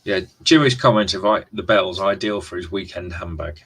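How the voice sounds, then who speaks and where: A low-voiced man hosts a casual live stream, chatting loosely to his viewers. His voice is husky yet bright and forceful, and his talk rambles with frequent restarts. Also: moderate pace, low-quality recording. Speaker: livestream host.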